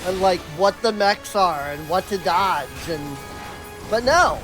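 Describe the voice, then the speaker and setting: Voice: medium pitch, lively intonation, slow pace, over music. A game streamer chatting casually on a live stream, telling exasperated stories with lots of "like" and restarts. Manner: exasperated storytelling, full of "like" and restarts.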